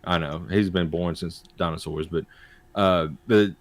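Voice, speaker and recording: A man's voice: low-pitched, steady tone, unhurried, dry recording. A man, co-hosting a sports podcast in rambling, casual chat. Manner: rambling, restarts often. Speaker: podcast co-host.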